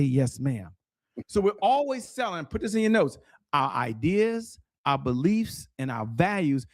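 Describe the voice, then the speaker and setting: A middle-aged man tells stories as an interview guest with real energy, his voice sitting a little high and swooping up and down. He speaks straight to the viewers with the push of a preacher. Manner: animated, preacher-like, addresses viewers directly. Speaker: guest, sales strategist.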